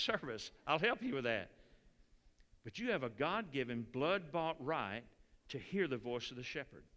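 A man preaching a sermon in a church, animated and folksy, repeating phrases. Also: a little high. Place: church sanctuary. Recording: church hall reverb.

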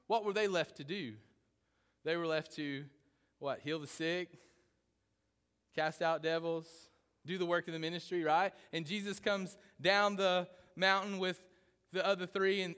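Man, pastor, conversational sermon, fairly high voice, reverberant hall. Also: bright, forceful tone, clear, resonant tone. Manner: conversational teaching, often asks "right?".

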